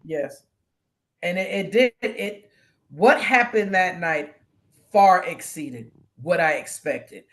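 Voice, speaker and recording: A woman's voice: lowish voice, lively intonation, slow. A woman co-hosting a casual chat, telling an emotional story and acting out quoted voices. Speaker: guest co-host.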